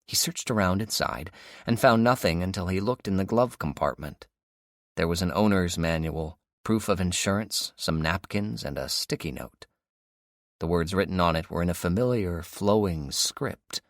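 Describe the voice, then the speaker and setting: This audiobook narrator is a man whose low voice carries a scripted story at a moderate, steady pace. His storytelling stays even throughout. The studio recording is clean, with no echo.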